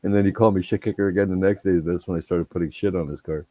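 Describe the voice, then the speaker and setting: A man's voice: deep voice, fairly even intonation, racing, warm tone, dry recording. A man telling rambling, profane anecdotes in casual chat. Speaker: storyteller.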